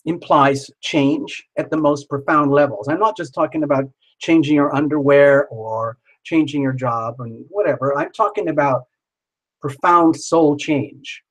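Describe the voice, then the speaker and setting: Hosting a live tarot stream, this man speaks at an unhurried pace in a fairly bright, somewhat high voice. He's playful, joking around and tossing in sing-song asides, though the recording quality is low.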